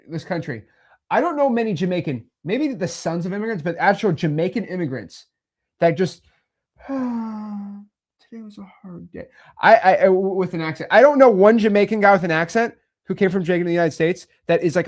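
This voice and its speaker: A man hosting a talk, speaking bluntly and pushily and repeating himself. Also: high-pitched. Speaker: host. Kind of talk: motivational talk.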